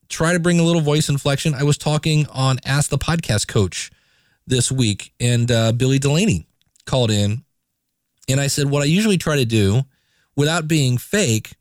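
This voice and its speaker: A man hosting his own podcast, talking casually with lively inflection and playful asides. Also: on the high side, no room sound, studio quality. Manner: chatty, animated, playful asides. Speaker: podcast host. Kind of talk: casual solo podcast talk.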